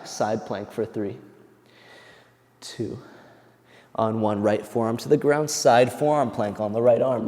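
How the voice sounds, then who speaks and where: Out-of-breath man teaching yoga, mellow. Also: mid-range voice. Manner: calm counting cues, moving along with the class. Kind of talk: guiding a yoga class. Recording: long hall reverb.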